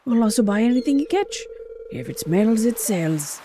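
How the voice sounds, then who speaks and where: A woman voicing a friendly, folksy old male fisherman in a farming game, loud and homespun. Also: a little high, very animated, moderate pace, background noise. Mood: hearty.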